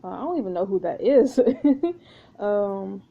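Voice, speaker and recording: A woman's voice: medium pitch, animated, unhurried, vocal fry, highs cut off. A woman reading a story game aloud and chatting, with giggly, casual asides. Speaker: let's play narrator.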